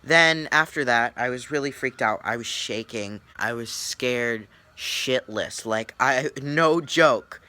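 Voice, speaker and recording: A young YouTuber telling a story with a bright, forceful voice and eager, rambling energy. He piles clause on clause and swears freely. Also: medium pitch, slow pace, hardly any pauses. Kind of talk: story time vlog.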